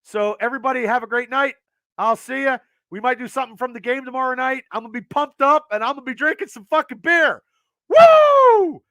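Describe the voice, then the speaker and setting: A high-pitched, bright-voiced man tears through an excited sports rant on his podcast, profane and rambling. His delivery lurches from shouted peaks to muttered lows, and his voice is wearing thin. The sound is smooth and dry, close to the mic. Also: fast, no room sound. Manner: passionate, profane, rambling, swings loud and quiet. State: losing his voice. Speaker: podcast host.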